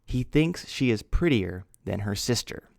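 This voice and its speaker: Slow, gravelly teacher. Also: male voice, lowish voice, animated, darkish tone, no echo, clean studio sound. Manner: spells out words letter by letter, patient and deliberate. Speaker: English teacher. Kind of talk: slow grammar lesson.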